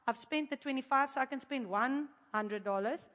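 High, bright woman telling a testimony. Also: normal speed. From Africa. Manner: animated, laughs often, acts out the people she quotes. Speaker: speaker giving a testimony to a congregation. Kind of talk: lively testimony storytelling. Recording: echoey hall.

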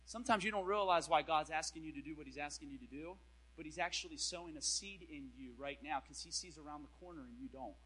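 Animated, bright-voiced male preacher. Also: a little high, quick pace, poor audio. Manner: animated, swings between loud and hushed, laughs often; casual, slangy. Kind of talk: storytelling sermon.

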